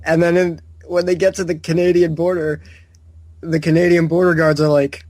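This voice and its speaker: A man's voice: on the high side, little pitch movement, moderate pace, darkish tone, no room sound. A man co-hosting a gaming podcast, laid-back and laughing as he tells stories. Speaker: podcast co-host. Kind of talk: casual podcast chat and anecdote.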